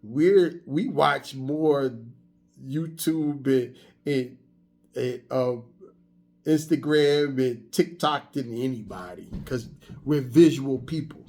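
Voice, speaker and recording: Man in his fifties, husky voice, casual motivational vlog, conversational storyteller, repeats and restarts. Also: mid-range voice, slow, dark tone. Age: 50s. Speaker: vlogger.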